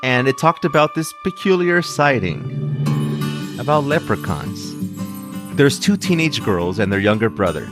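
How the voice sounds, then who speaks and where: Easygoing man, lively up-and-down voice. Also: mid-range voice, measured pace, loud music behind the voice. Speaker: podcast co-host. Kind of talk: casual podcast chat.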